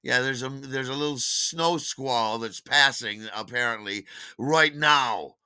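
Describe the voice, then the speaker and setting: A man hosting a podcast, telling a comic anecdote in an animated way and acting out the other people's lines. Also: medium pitch, unhurried, smooth, no room sound, clean studio sound. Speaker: podcast host.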